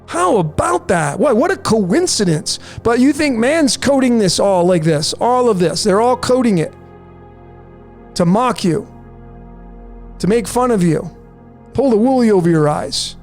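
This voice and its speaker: A man's voice: high voice, lively intonation, measured pace. A man hosting a numerology talk, insistently walking through slides and repeating "folks" and "there it is". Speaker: numerology channel host. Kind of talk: conspiracy commentary over slides. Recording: faint music bed behind voice.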